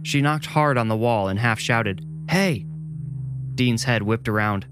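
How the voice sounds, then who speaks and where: A man reading a scripted horror story in a measured, deliberate way. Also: medium pitch. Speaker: narrator.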